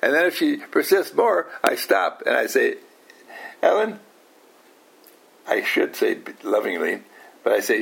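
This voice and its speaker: A man's voice: mid-range voice, big pitch swings, moderate pace, vocal fry, husky. An older man giving an informal talk to a small group, often asking questions, teasing his listeners and acting out the people he quotes. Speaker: household teacher.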